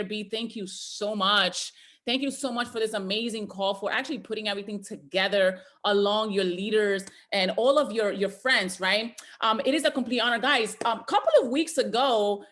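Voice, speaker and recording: A woman from the Bronx giving a motivational talk on a video call, telling her story emphatically to the audience. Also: a little high. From the Bronx, New York. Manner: emphatic, storytelling, addresses "ladies and gentlemen". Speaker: guest speaker and motivational educator.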